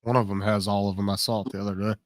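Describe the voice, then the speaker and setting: A man's voice: on the low side, little pitch movement, rapid-fire, dry recording. A man talking in a casual chat, rambling and curious, often repeating words as he works out what he wants to say. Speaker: co-host on a live stream.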